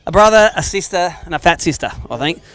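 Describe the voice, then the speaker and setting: A man's voice: high voice, expressive, fast talker, a bit bright. An Australian man hosting a live fishing weigh-in outdoors, joking and bantering with the anglers as he reads out the weights. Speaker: tournament weigh-in host. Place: outdoor lakeside weigh-in stage.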